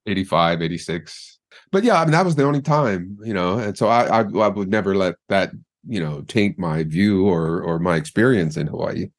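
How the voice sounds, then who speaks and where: A man's voice: deep voice, expressive, normal speed, dry recording, studio quality. An older man with a Mid-Atlantic American broadcast accent, a former news anchor talking casually as an interview guest, stumbling over words and laughing easily. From United States.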